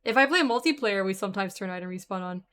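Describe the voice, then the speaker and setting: A woman's voice: medium pitch, animated, fast talker, fairly bright tone, smooth. A woman streamer giving casual gameplay commentary, thinking aloud and trailing off with fillers while her voice is starting to go. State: losing her voice.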